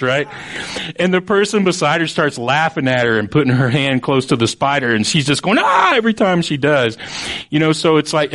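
Man preaching a casual, jokey sermon. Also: mid-range voice. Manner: conversational, jokey asides, acts out quotes.

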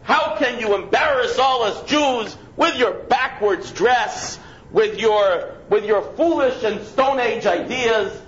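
A man voicing an outspoken woman on a subway who lectures a stranger, in emphatic, drawn-out phrases. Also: very high-pitched, fairly bright tone, echoey room, exaggerated voice. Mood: berating. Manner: scolding, then gushing, drawn-out emphatic phrasing. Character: indignant woman on a subway, loud and preachy. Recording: dull lo-fi with faint noise.

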